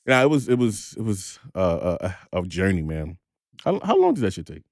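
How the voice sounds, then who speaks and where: A man's voice: low-pitched, wildly swooping pitch, normal speed, darkish tone, no echo, studio quality. Laid-back laughing man. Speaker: podcast host. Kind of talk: casual group chat.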